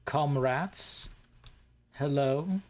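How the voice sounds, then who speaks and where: A gaming channel host narrates a let's play, joking and talking sarcastically to the in-game creatures. His voice is medium in pitch and very slow.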